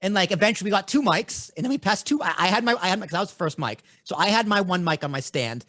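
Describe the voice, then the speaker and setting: A man's voice: sits high, lively intonation, fast, fairly bright tone, dry recording, studio quality. A man in his thirties with a Boston accent, hosting a podcast interview in a brash, blunt, casual way. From Boston, USA. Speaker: podcast host. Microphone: studio microphone.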